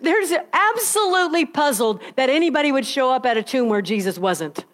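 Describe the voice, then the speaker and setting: Woman preacher, high voice, conversational storyteller, emphatic sermon delivery. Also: animated, fairly quick.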